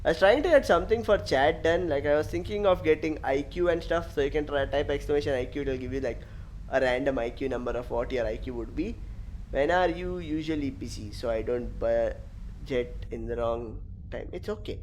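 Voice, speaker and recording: A young man chatting casually on a game stream, animated and teasing. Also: fairly high pitch, a little fast, a little hiss or hum. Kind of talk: casual gaming stream chat.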